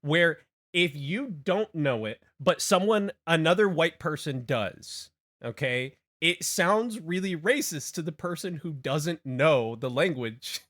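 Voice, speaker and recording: A man's voice: fairly high pitch, expressive, slow pace, fairly bright tone. A young man from Hawaii chatting casually on a game stream, rambling with many restarts and laughing asides.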